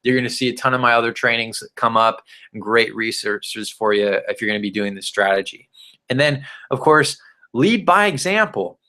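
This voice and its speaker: A man coaching a recorded sales training, talking loosely and with energy. He stumbles into restarts and acts out what prospects might say. His voice sits at an ordinary middle pitch for a man. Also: moderate pace. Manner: energetic, casual, repeats and restarts phrases, acts out prospects' replies. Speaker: network marketing coach.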